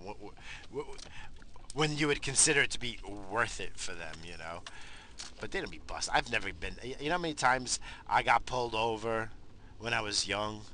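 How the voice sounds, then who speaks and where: Middle-aged man from New York, gravelly bright voice, rambling car vlog with faint background hiss. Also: lowish voice. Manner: profane, laid-back, laughing storyteller. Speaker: vlogger. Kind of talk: casual rambling monologue. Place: parked car.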